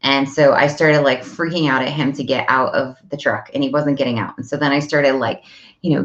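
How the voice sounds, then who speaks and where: A woman's voice: a bass voice, steady tone, a little fast, roomy sound. A woman hosting a parenting talk, chatting casually and acting out talks with her kids. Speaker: parenting podcast host. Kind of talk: casual chat. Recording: dull lo-fi audio.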